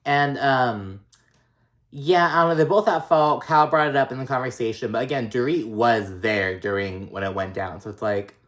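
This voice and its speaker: A man in casual recap mode, talking through reality TV drama in a loose, unscripted way. His speech is full of likes and ums, and he throws in profane, sassy, exasperated asides. His voice sits in an ordinary middle pitch. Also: normal speed, fairly bright tone. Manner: chatty, profane, filler-heavy with lots of likes and ums.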